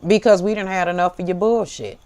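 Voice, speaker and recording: A woman's voice: on the low side, fairly even intonation, brisk, darkish tone. An American woman hosting a tarot show, giving a fiery, profane, preachy monologue to camera and calling her listeners baby. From United States. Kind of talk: impassioned direct-to-camera monologue.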